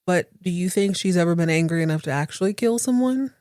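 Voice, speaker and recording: A woman's voice: lowish voice, animated, fast, darkish tone, dry recording, studio quality, natural voice. A woman doing a pushy, needling prosecutor. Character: pushy male prosecuting attorney.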